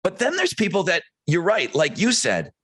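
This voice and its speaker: A man's voice: huge pitch swings, moderate pace, fairly bright tone, husky. A man who hosts radio, chatting casually on a podcast and acting out quotes in his stories. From United States. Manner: storytelling, acts out quotes with big pitch swings.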